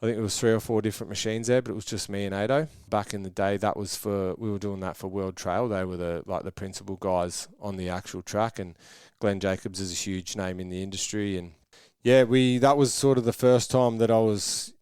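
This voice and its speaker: A man's voice: fairly low pitch, steady tone, brisk, darkish tone, clear, resonant tone, no echo, studio quality. A man in his thirties with an Australian accent, a guest telling long rambling stories in a casual podcast interview and acting out what people said. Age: 30s. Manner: rambling storytelling with voiced quotes. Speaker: guest, track builder.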